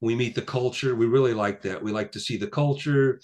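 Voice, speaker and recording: A man in his sixties chatting as a guest musician on a casual interview, rambling with many fillers and acting out the people he quotes. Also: brisk. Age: 60s. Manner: rambling, full of "you know" fillers; acts out quoted people with lively pitch jumps.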